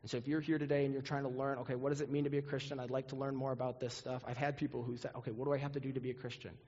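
A man's voice: mid-range voice, flat delivery, rapid-fire, a little mellow, slightly rough. A man preaching a sermon as pastor, earnest and repetitive, acting out quoted prayers. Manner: earnest, repeats words, acts out quoted prayers. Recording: muffled audio with long hall reverb.

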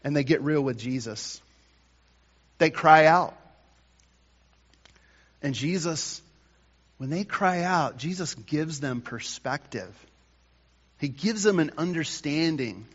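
A male pastor delivering a morning sermon, slow and emphatic, rising to loud bursts and dropping to quiet lines. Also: fairly high pitch, expressive. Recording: dull sound with long hall reverb.

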